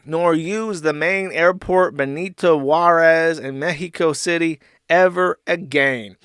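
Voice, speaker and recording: A man's voice: very high voice, bright, forceful tone, clear, resonant tone, no room sound, studio quality, pitched above the performer's own voice, heavily acted. A man putting on the voice of an outraged drunk man, ranting indignantly at an airline.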